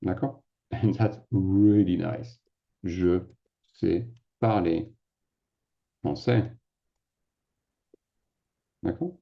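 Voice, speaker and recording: A man's voice: sits low, extremely slow, gravelly, pauses often, highs cut off. A man with a French accent, a native French speaker, explaining grammar as a teacher in a casual classroom way, often checking in with "d'accord?". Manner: sprinkles French fillers, asks "d'accord?" often.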